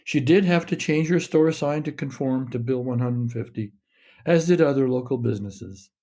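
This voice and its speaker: Mellow-voiced man reading his story. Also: mid-range voice, moderate pace.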